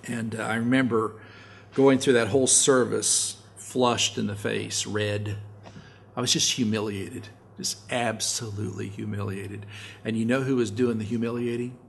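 A man's voice: level tone, moderate pace, creaky, slight background noise. Folksy man preaching a sermon. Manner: folksy, storytelling, rises loud and high when stressing points. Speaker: pastor.

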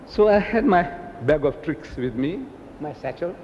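Animated man preaching in an echoey hall. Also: moderate pace, lo-fi sound, slight background noise. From South Africa. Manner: animated, acts out quoted dialogue with big pitch swings. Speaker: Islamic preacher, lecturer. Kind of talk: public lecture.

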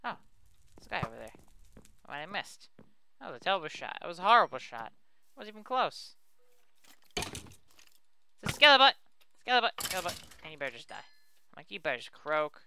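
A man's voice: a little high, very animated, brisk, gravelly, long pauses, bright, forceful tone. A young man giving casual let's play commentary, exclaiming and muttering at the enemies he fights. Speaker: gaming video host.

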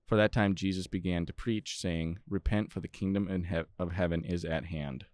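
A man co-hosting a podcast, reading scripture aloud in a steady, plain way with small stumbles. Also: sits low, moderate pace, no echo. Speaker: podcast co-host.

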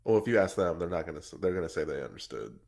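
A man's voice: low voice, lively intonation, very fast, vocal fry, a little mellow. A man co-hosting a podcast, joking and wisecracking in casual chat.

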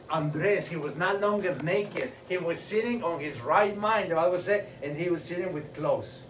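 A man preaching a sermon with fervor, repeating a rhetorical question and building up to shouting. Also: high-pitched. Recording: roomy echo, mic at a distance, faint noise.

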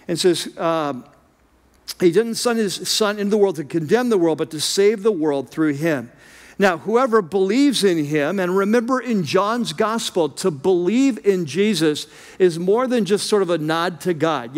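High-voiced pastor preaching in a reverberant hall. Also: male voice. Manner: explanatory, conversational teaching with asides and restarts. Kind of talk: sermon. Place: church sanctuary.

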